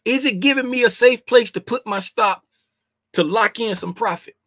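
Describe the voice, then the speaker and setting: High-voiced man teaching trading. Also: moderate pace, a bit bright, dry recording, studio quality. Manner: repetitive, emphatic, keeps asking "right?"; informal slangy speech. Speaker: trading educator. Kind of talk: casual trading lesson over charts.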